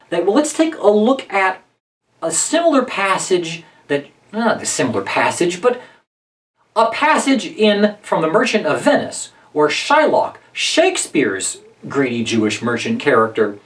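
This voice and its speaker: A man lecturing as a literature professor in a relaxed, conversational way, with frequent ums and uhs, now and then reading verse aloud with emphasis. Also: high-pitched, measured pace, distant mic. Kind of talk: recorded lecture.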